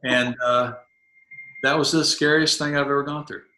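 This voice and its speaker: A man's voice: on the high side, fairly even intonation, moderate pace, bright, forceful tone, roomy sound, a little hiss or hum. A middle-aged man, a former Navy SEAL chief, telling a vivid first-person story on a podcast and acting out the dialogue. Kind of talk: storytelling in an interview.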